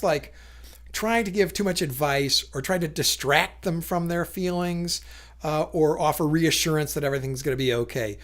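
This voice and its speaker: A man with a somewhat raised voice talks through a topic in a casual, explanatory way. He is thoughtful, stumbles into restarts and fillers, and now and then acts out short quoted remarks. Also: fairly high pitch. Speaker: educator explaining communication. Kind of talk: casual explanatory talk to camera.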